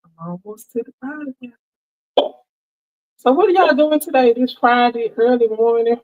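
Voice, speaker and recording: A woman's voice: a little high, normal speed, phone-quality sound. Chatty woman hosting a sewing livestream. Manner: chatty, greets viewers by name, Southern US phrasing. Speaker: livestream host, sewing crafter. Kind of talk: casual live-stream chat greeting viewers. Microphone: headset.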